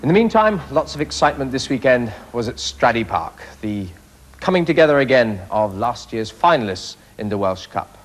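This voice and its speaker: A middle-aged man presenting a rugby results programme in a brisk, clipped broadcast manner. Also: mid-range voice, sing-song. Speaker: studio presenter.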